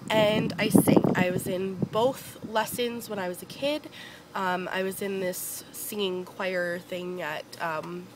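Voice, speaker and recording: A woman's voice: mid-range voice, a bit bright, slight background noise, poor audio. A young woman from Northern Ontario chatting casually to camera outdoors, with lots of fillers and a giggly, rambling way of telling stories. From Northern Ontario, Canada. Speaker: beauty vlogger.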